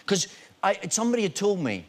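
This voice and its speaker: In a TV studio, this actor guest on a talk show speaks in a high, fairly quick voice. He tells anecdotes animatedly and with self-deprecating humor.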